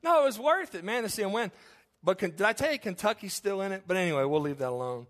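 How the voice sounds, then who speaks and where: A man's voice: sits high, lively intonation, fast talker, fairly bright tone. A middle-aged man preaching a sermon as pastor, folksy and conversational, with joking asides and frequent restarts.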